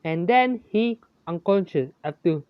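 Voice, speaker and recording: A storyteller reading a homemade fan story aloud, halting, with frequent restarts and self-corrections, in a lo-fi, dry recording. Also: medium pitch, expressive, clear, resonant tone, dry recording. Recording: dull, lo-fi, dry.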